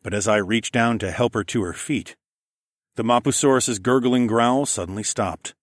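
A man's voice: mid-range voice, moderate pace, no echo, clean studio sound. A man narrating a first-person story in a gritty, profane storytelling manner. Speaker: audiobook narrator.

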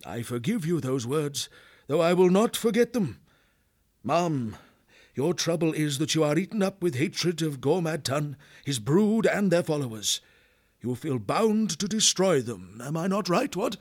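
A man's voice: a little high, sing-song, a little slow, pitched above the performer's own voice. A man voicing a proud old male hare colonel with a clipped, pompous military manner. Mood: reproving.

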